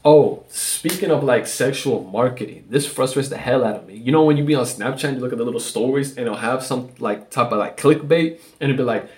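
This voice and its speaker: A man's voice: medium pitch, fairly quick, hardly any pauses, darkish tone. Casual, cursing male podcast host. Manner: loose and profane, with many "like" fillers. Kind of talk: casual solo podcast rant.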